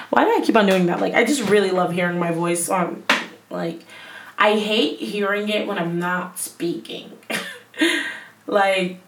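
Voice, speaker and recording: A woman's voice: medium pitch, measured pace, reverberant, far from the mic, low-quality recording. A young woman hosting a casual solo podcast, rambling and self-mocking with lots of fillers, on a headset mic. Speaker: podcast host.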